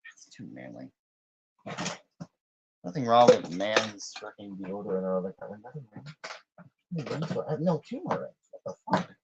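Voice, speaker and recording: A man's voice: lowish voice, very noisy. A young man vlogging casually while cleaning his room, rambling with frequent restarts and lots of swearing, often muttering to himself.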